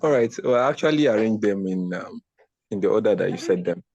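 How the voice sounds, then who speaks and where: A young man from Nigeria in his twenties, speaking in a relaxed, matter-of-fact way on a video call. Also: on the low side, fairly quick, gravelly, no room sound, muffled recording. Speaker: participant. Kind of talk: casual video call chat.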